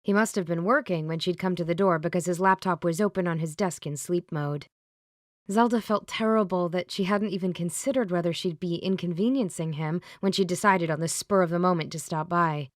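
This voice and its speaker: A woman narrating an audiobook in an even, measured reading on a close microphone. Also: fairly low pitch, dry recording. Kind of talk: scripted narration.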